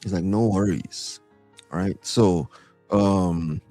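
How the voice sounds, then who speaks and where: A man's voice: deep voice, slow, warm tone, dry recording, soft background music. A man from Trinidad co-hosting a casual live-stream chat, easygoing, laughing often and repeating words as he thinks. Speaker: co-host, singer.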